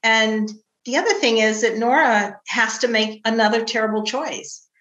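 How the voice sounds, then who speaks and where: A middle-aged woman novelist chats about her book in a bright, clear voice. She tells family stories with lively quoted voices. The sound is roomy and echoey, as from a video call. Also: fairly high pitch, normal speed, lo-fi sound. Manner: animated storytelling, acts out quoted family voices. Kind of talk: casual book discussion.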